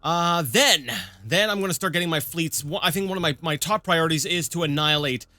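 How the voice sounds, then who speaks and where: A man's voice: a little high, a little fast, pushed and bright. A man hosting a strategy game playthrough, chatting casually and thinking aloud with plenty of fillers. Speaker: host of a gaming channel. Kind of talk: casual let's-play commentary.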